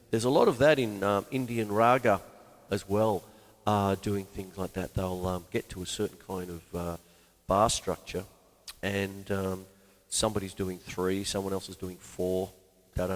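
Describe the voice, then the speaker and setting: Rambling drum teacher, roomy. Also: male voice, low-pitched. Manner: rambling, explains sticking patterns aloud. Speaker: drum teacher and show host. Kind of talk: live-streamed drum lesson. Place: room with a drum kit. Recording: long reverb, faint music behind.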